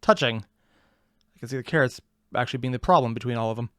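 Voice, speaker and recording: A man hosting a reaction video, sarcastic and excitable, swearing freely. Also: medium pitch, quick pace, clear, resonant tone, no echo, studio quality. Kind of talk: reaction commentary.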